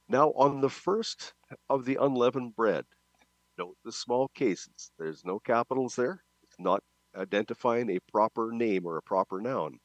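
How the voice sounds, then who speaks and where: Man teacher, animated emphatic delivery, dry recording. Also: mid-range voice, no echo. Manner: emphatic, points things out. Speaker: Bible study teacher. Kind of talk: scripted teaching narration.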